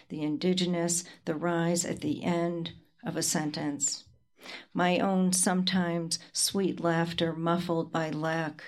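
A woman poet reads her work aloud, slow and deliberate, letting pauses hang between the lines. Her voice sits slightly low and never rushes. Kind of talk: poetry reading.

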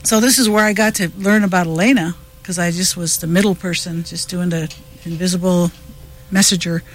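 A middle-aged man speaks as a guest in a radio studio, his voice sitting high for a man. He tells a long story in a lively, chatty way, laughing often and restarting his sentences. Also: brisk, slight background noise, low-quality recording. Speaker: guest musician. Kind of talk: casual radio interview storytelling.

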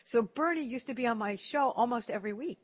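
A man's voice: very high-pitched, quick pace, husky. Chatty man hosting an interview. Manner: chatty, repeats words when starting sentences. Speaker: interview host. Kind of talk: casual storytelling interview.

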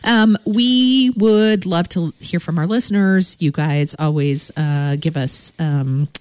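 A woman's voice: fairly low pitch, slow pace, a little mellow, smooth, dry recording. A woman co-hosting a community radio show in casual chat, upbeat and chatty, often trailing off with fillers. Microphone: studio microphone.

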